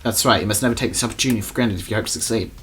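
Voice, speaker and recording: A man's voice: fairly low pitch, racing, faint music behind. A man playfully reading a game's story aloud and joking about it. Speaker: let's player. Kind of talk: playful game narration.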